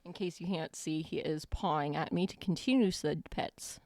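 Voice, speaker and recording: Gravelly low-voiced woman streamer. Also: moderate pace, a little mellow, dry recording. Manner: dry, wry asides. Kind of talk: casual gameplay commentary. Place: at home with her dog.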